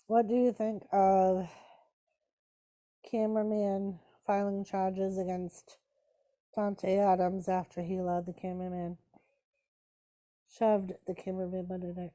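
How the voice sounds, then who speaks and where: Slow-talking woman hosting a stream. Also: medium pitch, little pitch movement, mellow. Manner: chatty, answers chat and talks to her pets. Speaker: streamer hosting a wrestling watch party. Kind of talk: casual live-stream chat and commentary.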